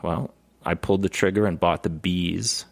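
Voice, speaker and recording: A man co-hosting a podcast in casual chat, rambling and profane, with animated storytelling. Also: sits low, moderate pace, gravelly. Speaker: podcast co-host.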